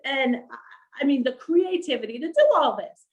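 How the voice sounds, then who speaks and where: A middle-aged woman telling her story as an interview guest, animated and laughing often as she acts out quoted voices. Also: high voice, normal speed, muffled recording. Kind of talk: storytelling on a livestream.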